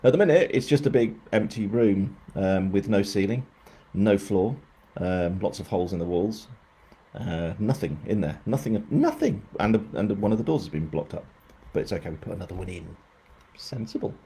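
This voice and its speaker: A man's voice: lowish voice, animated, normal speed, dark tone, breathy edge. A man, an author chatting casually on a live stream, rambling and poking fun at himself. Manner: rambling, self-mocking.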